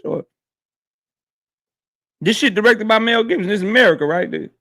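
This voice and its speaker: High, bright-voiced livestream host. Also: male voice, a little fast. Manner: slangy, animated, reading and answering chat. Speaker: host of a boxing talk livestream. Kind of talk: casual livestream chat.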